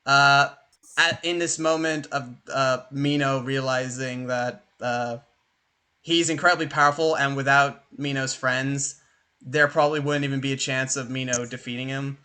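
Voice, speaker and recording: A young man narrating as game master, lively and quick, with plenty of "uh" and "like". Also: mid-range voice, clear, resonant tone. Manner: animated, fast, filler-heavy.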